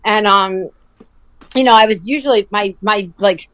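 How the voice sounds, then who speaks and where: Chatting casually, a woman living near Providence keeps a lively story going, full of laughter and plenty of cursing. Her mid-range voice moves at normal speed, and there's no echo on the recording.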